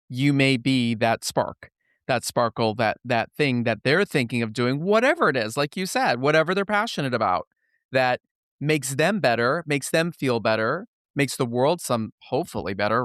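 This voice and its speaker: A man hosting an interview show, chatting casually and telling stories with lively, animated delivery. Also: medium pitch, a little slow, no room sound, clean studio sound. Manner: lively storyteller, acts out voices. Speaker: podcast host.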